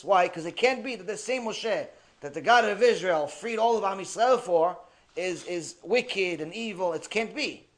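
A man delivering a religious ethics lecture, telling stories in an animated way and mixing in Hebrew terms. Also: high voice, a little slow. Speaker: Torah lecturer.

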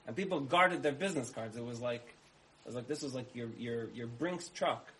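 Animated man telling a sermon story. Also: mid-range voice, normal speed, slight background noise, rough recording. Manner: animated storyteller, repeats phrases for emphasis, acts out dialogue. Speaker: speaker giving a talk.

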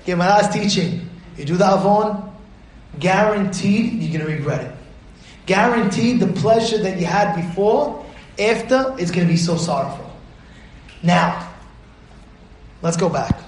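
A man's voice: high voice, expressive, unhurried, pauses often. A man, a rabbi, giving an emphatic Torah class lecture, repeating his points and putting questions to his listeners. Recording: roomy echo.

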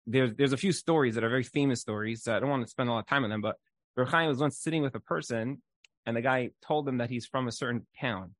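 A man's voice: medium pitch, quick pace, a bit bright, dry recording. A man giving a casual Torah class, telling stories in a loose conversational way, often saying "like". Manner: conversational storytelling with frequent "like" fillers. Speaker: Torah teacher.

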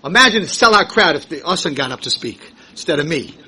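A man teaching a Torah class, emphatic and animated, asking rhetorical questions and rising to shouts. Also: on the high side, fast talker, a little hiss or hum, rough recording. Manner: rhetorical questions, acts out quotes. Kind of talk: Torah lecture.

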